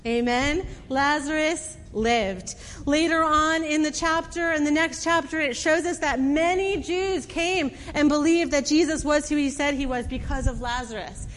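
A woman's voice: high voice, measured pace, fairly bright tone, big-room sound, a little hiss or hum. A woman preacher retelling a story in a conversational sermon, with casual fillers and acted quotes. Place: church hall.

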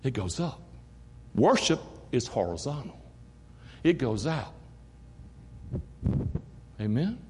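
A middle-aged pastor with a Southern American accent preaches in a church sanctuary, his medium-pitched, husky, slightly mellow voice slow, sing-song, and full of pauses. His manner is folksy and preacherly, calling out "Amen?" to the congregation, with long reverb from the church hall.

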